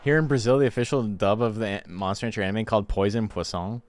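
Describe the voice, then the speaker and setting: A man's voice: fairly low pitch, quick pace, slight background noise. A man, chatting loosely and swearing casually while commentating a game tournament on a stream. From Canada. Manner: loose and profane, laughing often.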